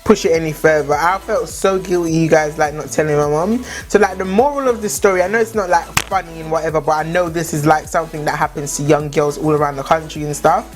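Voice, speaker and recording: A woman's voice: sits low, fast, hardly any pauses, soft background music. A young woman telling a story in a chatty way, many "like" fillers. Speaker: vlogger. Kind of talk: casual storytime chat.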